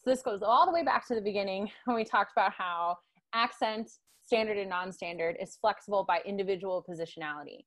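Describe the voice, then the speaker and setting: A woman's voice: medium pitch, brisk, a bit bright. Lady guest lecturer on a video call, chatty, lots of "right?" and "um". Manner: conversational, fillers and tag questions. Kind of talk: online lecture.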